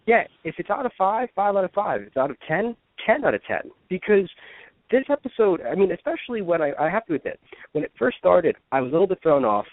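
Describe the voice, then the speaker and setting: A man co-hosts a casual radio podcast, chatting loosely and rambling along. He talks fast in a high, sing-song voice, and the sound is a dry phone line without echo.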